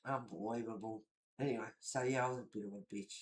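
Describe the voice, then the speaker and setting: A woman, hosting a livestream and chatting casually while colouring, telling a story in an animated, gossipy way with the odd swear word. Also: a bass voice, quick pace, slight background noise. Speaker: livestream host.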